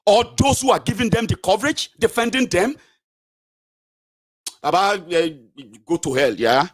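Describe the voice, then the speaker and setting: A man's voice: high voice, lively intonation, normal speed. A Nigerian man giving a combative, sarcastic political rant, scolding his viewers directly. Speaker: political commentator. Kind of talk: angry solo political rant.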